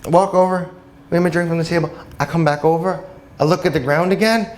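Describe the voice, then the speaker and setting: A man from New Jersey performing a stand-up comedy set in a comedy club, animated and breaking into shouted, high-pitched quotes. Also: brisk. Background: audience laughter.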